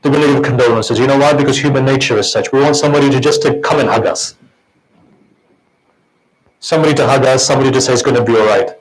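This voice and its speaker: Man, preacher, mourning sermon, impassioned, conversational, asks the crowd questions, mid-pitched voice. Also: fast talker, long pauses, noisy background.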